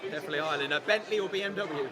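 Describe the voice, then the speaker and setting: Quick jokey guy hosting, kinda high voice, big crowd noise behind. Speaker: host. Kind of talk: casual chat. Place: outdoors at a racecourse. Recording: loud crowd noise around. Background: loud crowd.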